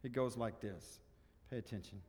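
A man preaching a sermon, earnest and exhorting, often dropping softer to drive a point home. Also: on the low side, normal speed, long reverb tail. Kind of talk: sermon with story reading.

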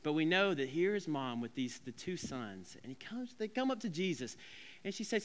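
A male pastor giving a lively, joking, conversational sermon in a church sanctuary. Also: on the high side, moderate pace. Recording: long reverb of a large hall.

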